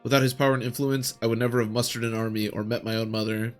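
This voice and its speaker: A man's voice: medium pitch, flat delivery, fast talker, soft background music, lightly acted. A man reading as a young earnest prince. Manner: plain read-aloud of game text. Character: young earnest male prince, anxious and eager.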